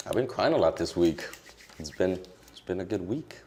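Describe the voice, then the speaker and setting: A young man with an extremely deep voice talks casually in an interview, full of fillers. He speaks candidly and with strong emotion. A faint hiss sits behind him. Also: expressive, moderate pace. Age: young adult. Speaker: social media creator as guest.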